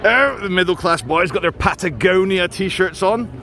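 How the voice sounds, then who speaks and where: A man walks a city street, filming himself and making dry, mocking remarks about what he passes. His voice sits a little high for a man. Traffic and street ambience come through clearly on the handheld recording. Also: lively intonation, normal speed. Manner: sardonic, mocking running commentary. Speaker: vlogger. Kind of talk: walking street vlog commentary. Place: outdoors on a busy city street. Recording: outdoor street noise.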